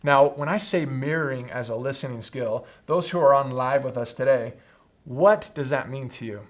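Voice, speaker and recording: A man in young adulthood leads a live training session for his team. His voice sits at an ordinary pitch and he talks earnestly, tossing in "right?" to keep listeners with him. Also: normal speed. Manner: earnest teaching tone, frequent "right?" tag questions. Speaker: host of a leadership training talk. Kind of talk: live-streamed training talk.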